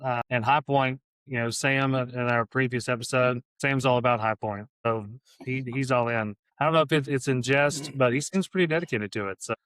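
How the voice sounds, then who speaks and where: A man's voice: mid-range voice, fairly even intonation, a little fast, a bit bright, smooth, no room sound. A man co-hosting a sports podcast, chatting in an easygoing way. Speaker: podcast co-host. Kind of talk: casual chat.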